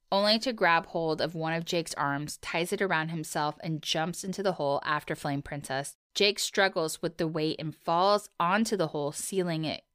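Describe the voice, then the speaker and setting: A woman's voice: fairly low pitch, fairly bright tone, clear, resonant tone, no echo, studio quality. A woman casually recapping a cartoon episode with a co-host, animatedly acting out the characters' lines. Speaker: podcast co-host.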